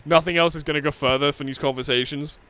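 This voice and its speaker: A man's voice: a little high, fairly even intonation, quick pace, sharp tone. A Scottish man streaming a game, telling stories in casual chat, swearing constantly and laughing through them.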